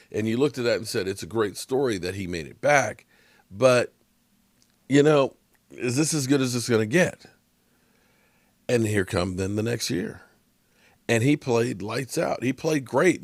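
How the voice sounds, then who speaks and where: A man's voice: mid-range voice, no room sound. A tired man giving a casual, rambling sports commentary monologue, yawning now and then. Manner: rambling, conversational, frequent restarts. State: tired, yawning from lack of sleep.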